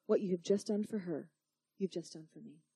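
A woman voicing God as a loving father who asks her calm, searching questions. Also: fairly low pitch, a little fast, vocal fry, breathy edge, voice pushed down, heavily acted. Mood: tender.

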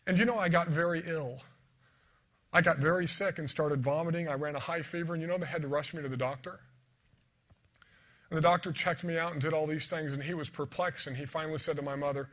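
Bright-voiced man preaching with dramatic swings. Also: on the high side, moderate pace, long pauses. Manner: dramatic storytelling, dropping to whispers and rising to loud emphasis. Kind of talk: sermon with personal testimony.

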